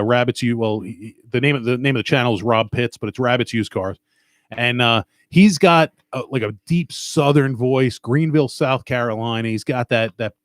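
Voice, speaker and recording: A man's voice: medium pitch, no room sound. Man, Long Island accent, stuffed-up, profane rambling podcast host; dry close mic. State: stuffed up nose. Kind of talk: casual chat.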